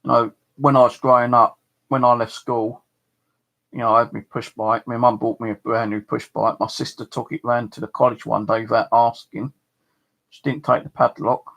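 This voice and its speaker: This channel host, a middle-aged man with a southeast English accent, tells casual stories to camera, rambling and cursing freely. His mid-range voice is creaky and fairly bright, with little pitch movement and a moderate pace.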